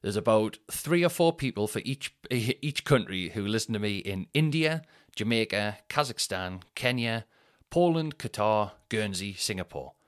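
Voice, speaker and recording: A Northern English man hosts his own podcast alone, his fairly low voice moving at a moderate pace with lively intonation. The casual solo chat is rambling, sweary, and self-mocking.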